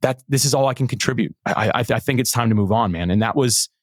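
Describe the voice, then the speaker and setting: A middle-aged man, a podcast guest, telling a story in an animated, earnest way with many restarts. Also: medium pitch, quick pace, no echo. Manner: animated, earnest, frequent repeated starts. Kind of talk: conversational storytelling.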